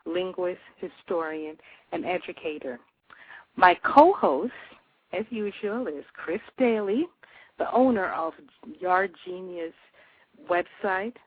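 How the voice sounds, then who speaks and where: Low-voiced woman host on a phone line. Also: breathy edge, dry recording. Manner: reads a long list of credits in measured phrases. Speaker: radio show host. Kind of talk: reading a scripted guest introduction.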